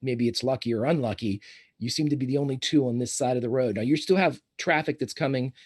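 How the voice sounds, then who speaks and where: A man running a tabletop game as game master, describing scenes in steady narration. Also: mid-range voice, fast talker, slightly rough.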